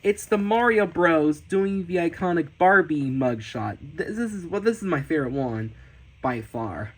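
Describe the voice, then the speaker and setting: A man casually flipping through his sketchbooks on a vlog, gasping and gushing with excited exclamations. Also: on the high side, normal speed, poor audio. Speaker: artist showing his sketchbooks.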